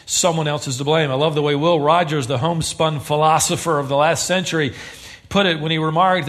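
A pastor with a slightly high voice preaches a sermon to his congregation at a fairly quick pace. His animated storytelling is laced with humor.

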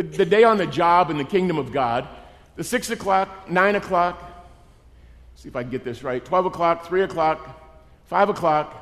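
A middle-aged man preaching a sermon in an animated way, acting out the characters in his story. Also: fairly high pitch. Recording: long reverb of a large hall.

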